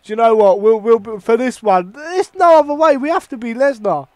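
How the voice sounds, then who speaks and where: A young man from Ireland casually commentating a wrestling video game, excitable and swearing, with bursts of mock ring announcing. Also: extremely high pitch, moderate pace, no echo. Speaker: gaming commentator.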